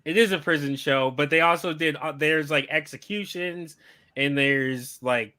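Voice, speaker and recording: A man's voice: on the high side, normal speed, bright, forceful tone. A man co-hosting a podcast, chatting casually and rambling with lots of "like" and "um". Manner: rambling, hedging with "like" and "um". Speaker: podcast co-host. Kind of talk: casual chat.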